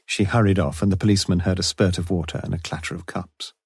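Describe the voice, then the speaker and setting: A man narrating a crime audiobook in a measured, even reading. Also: deep voice, husky, no echo, studio quality. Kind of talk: scripted narration.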